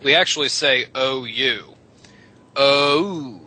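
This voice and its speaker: An unhurried man with a mid-range, pushed and bright voice rambles on a radio show about the way English vowels changed. He lectures casually and swears without fuss, and the recording is rough.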